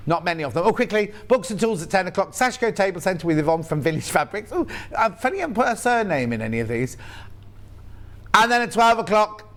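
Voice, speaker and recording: A man's voice: high-pitched, a bit bright. A man with a Yorkshire accent presenting live on a shopping channel, chatty and playful with jokey asides.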